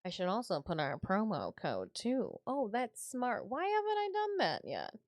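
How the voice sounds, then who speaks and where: A woman's voice: mid-range voice, huge pitch swings, moderate pace, dry recording. A woman from Michigan chatting casually on a live stream, sometimes cooing baby talk at her cats.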